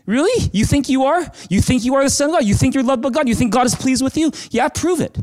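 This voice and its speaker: A man's voice: extremely high pitch, fast talker, darkish tone, pitched above the performer's own voice. A man voicing the devil as a taunting male spirit who keeps asking mocking, doubting questions. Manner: mocking, repeated needling questions.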